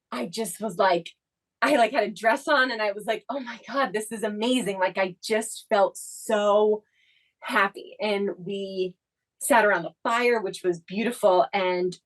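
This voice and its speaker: Woman, podcast co-host, casual storytelling, reflective, lots of "like" fillers, mid-pitched voice. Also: rough recording. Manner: reflective, leans heavily on the filler "like". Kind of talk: personal storytelling in casual chat.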